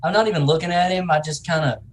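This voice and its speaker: A man's voice: a little high, quick pace, low-quality recording. A man playing a tabletop game, casually describing what his character does. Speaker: player.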